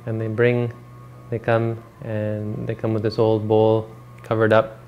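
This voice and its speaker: A man giving a dharma talk, retelling a story in a relaxed, rambling way and correcting himself as he goes. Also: on the low side, a little slow, muffled recording, slight background noise. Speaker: meditation teacher.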